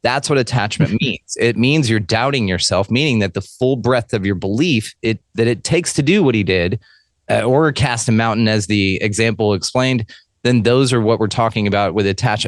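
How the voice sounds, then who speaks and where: A man with a fairly low voice talks casually as a podcast guest. He is emphatic and animated and swears freely, and the sound is dry and close. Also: normal speed, dry recording. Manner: emphatic, profane, animated storyteller. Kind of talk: casual chat.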